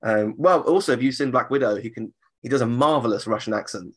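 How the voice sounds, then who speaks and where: Co-hosting a theme park podcast, a man chats casually and cracks jokes in a mid-range voice at a quick pace. He puts on silly voices for laughs.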